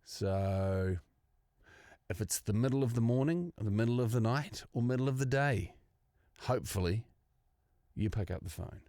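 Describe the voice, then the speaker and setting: A man's voice: medium pitch, expressive, normal speed, mellow. An Australian man co-hosting a casual podcast, matey, laughing and swearing. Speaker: podcast co-host.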